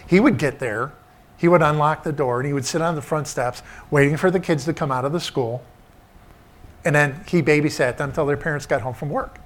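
Emphatic preacher man, fairly high voice. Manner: emphatic, repeats refrains, tells stories. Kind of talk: sermon.

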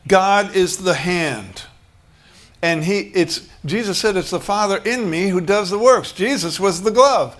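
A man's voice: high-pitched, measured pace, a bit bright. A man preaching a sermon in a conversational way, acting out short bits of dialogue and chuckling as he goes. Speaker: pastor.

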